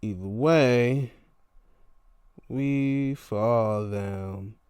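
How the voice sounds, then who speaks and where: A man hosting a casual solo show, reviewing wrestling events in animated, profane, exasperated rants. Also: mid-range voice, extremely slow, clear, resonant tone, dry recording.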